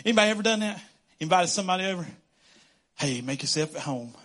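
A man preaching a casual, conversational sermon as a pastor, animated and quick to laugh. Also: sits high. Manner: animated, conversational, laughs often, acts out quotes.

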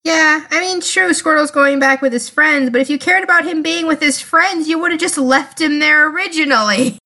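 A woman's voice: high voice, moderate pace, sharp tone. A woman co-hosting a podcast in casual chat, talking in a chatty, exasperated way. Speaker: podcast co-host.

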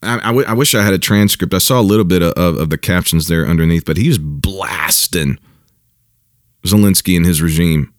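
A man, a pastor, giving casual spoken commentary, halting and repeating himself, chuckling now and then. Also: low voice, no echo, studio quality. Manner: halting and repetitive, with chuckles and mocking mimicry.

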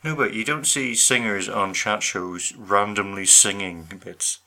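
Bright-toned low-voiced man, dry and teasing. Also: measured pace. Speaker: podcast co-host. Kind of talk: casual chat.

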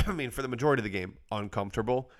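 A man's voice: mid-range voice, racing. Man chatting casually about football. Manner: relaxed, conversational, often laughing. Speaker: podcast co-host. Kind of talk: casual sports chat.

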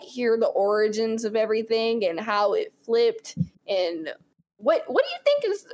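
A woman's voice: fairly high pitch, darkish tone. Sex: woman. Role: giggly podcast host. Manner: giggly, laughs often. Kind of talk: casual chat.

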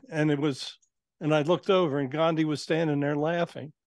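A man's voice: a little high, steady tone, moderate pace, darkish tone, no echo, clean studio sound. A man who works as a spirit channeler, a guest on an interview show, telling his experiences in a casual, earnest, matter-of-fact way.

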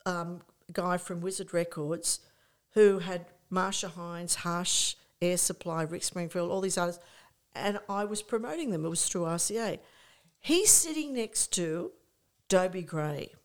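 An older woman, a guest on an interview show, telling anecdotes in a lively, rambling way, restarting sentences and acting out what people said. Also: fairly low pitch, unhurried. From Australia. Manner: animated anecdote-telling, many restarts, acts out quoted people. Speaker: interview guest, music promoter. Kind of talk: casual storytelling chat.

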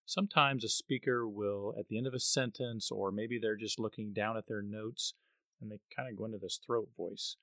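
Male podcast host, lowish voice, earnest, stumbles and repeats words, dry recording. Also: fairly even intonation, moderate pace, pushed and bright, no echo. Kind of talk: podcast interview.

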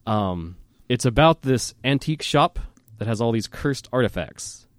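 A man hosting a podcast, telling a childhood story in a casual, animated way, with fillers and laughing at himself. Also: mid-range voice, measured pace, no room sound, clean studio sound. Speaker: podcast host.

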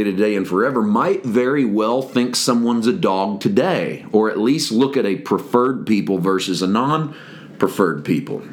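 A man with a mid-range voice teaching the Bible on his daily podcast. He explains the passage calmly and reflectively, reading the scripture aloud and then unpacking it for his listeners. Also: mid-range voice.

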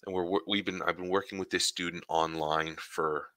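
A man's voice: sits low, moderate pace, no echo. A man who works in education, chatting casually as co-host and acting out the people in his stories. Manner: animated storytelling, acts out quoted voices. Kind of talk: casual chat.

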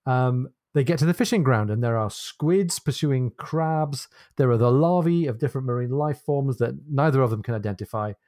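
A man on a book podcast, retelling a chapter in a measured, descriptive way with small hesitations. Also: medium pitch, mellow, no room sound, studio quality. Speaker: podcast co-host.

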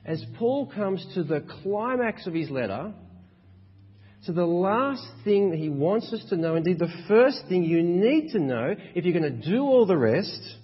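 A man's voice: high-pitched, sing-song, unhurried, breathy edge. A man preaching a sermon as a pastor, with emphatic, rhythmic repetition. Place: church hall. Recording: dull echoey church hall.

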